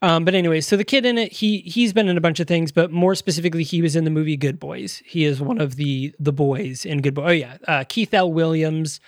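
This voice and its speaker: A man's voice: fairly high pitch, fairly quick, few pauses, no room sound, studio quality. A man co-hosting a podcast, reviewing a movie in casual chat and rambling with lots of fillers. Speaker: podcast co-host.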